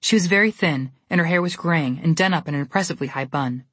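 Low-voiced woman reading a storybook. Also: fast, a bit bright, slightly rough, dry recording. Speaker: narrator. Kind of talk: storybook narration.

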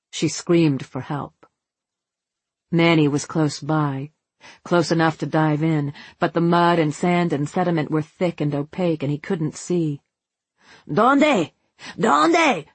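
A narrator reading a novel aloud as an audiobook in a measured, unhurried way. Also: mid-range voice, fairly even intonation, a little mellow, breathy edge, dry recording.

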